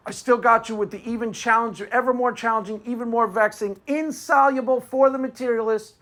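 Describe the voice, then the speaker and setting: A man's voice: very high voice, fairly even intonation, fairly quick, fairly bright tone. A man giving a combative, sarcastic monologue on philosophy, often asking himself "why?" before answering. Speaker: apologetics commentator. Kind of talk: argumentative monologue.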